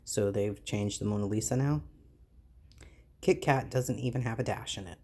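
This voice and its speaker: A woman's voice: a bass voice, moderate pace, breathy edge. A woman vlogging casually, reading items aloud and reacting with exasperated disbelief. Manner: incredulous, exasperated, animated reactions.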